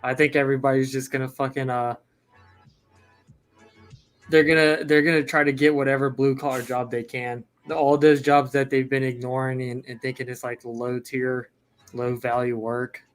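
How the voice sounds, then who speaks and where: A male co-host in a casual stream who rants in a gloomy, crude way. His voice is mid-pitched. Faint music hums underneath. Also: level tone, normal speed, clean tone. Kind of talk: casual chat.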